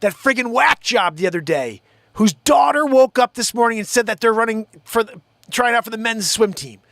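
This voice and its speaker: A man's voice: very high voice, lively intonation, moderate pace, creaky, a bit bright, dry recording, clean studio sound. A man hosting his own show, ranting in a heated, profane, rambling way. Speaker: show host. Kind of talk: live-stream rant.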